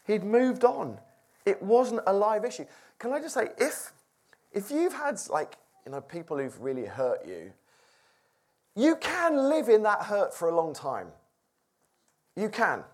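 A preacher gives an informal Bible talk to a small group, reading a passage and chatting about it. The delivery is conversational and relaxed, with frequent questions to the listeners. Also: medium pitch, measured pace, pauses often. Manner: conversational, asks the audience questions.

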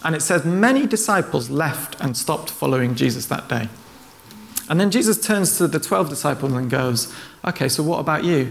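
A man's voice: a little high, creaky. A man preaching a sermon, retelling stories in a conversational way and acting out the quoted lines.

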